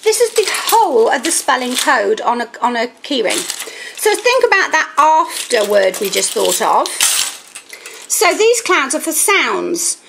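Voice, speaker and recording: A woman teaching reading, explaining phonics and slowly sounding words out into separate speech sounds. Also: high-pitched, sing-song, gravelly. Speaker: literacy teacher. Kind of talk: instructional explanation. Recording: roomy echo, distant mic, faint background noise.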